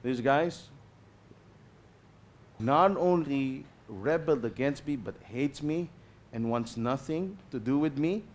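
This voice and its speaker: Slow and expressive, this medium-pitched man with a Filipino accent preaches passionately as a guest pastor. He swings from booming emphasis to quiet asides, weaving in Tagalog phrases.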